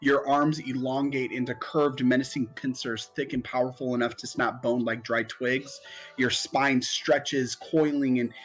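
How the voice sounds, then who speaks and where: A man slowly describing his character's spell in a tabletop game, pausing with many ums. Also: medium pitch, flat delivery, soft background music, rough recording. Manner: slow, halting, many ums. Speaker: player.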